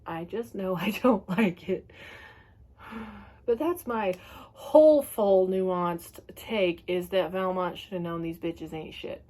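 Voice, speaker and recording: A woman's voice: on the low side, a little mellow. A woman giving a casual, ranting book review, talking in a chatty, sweary way and laughing often.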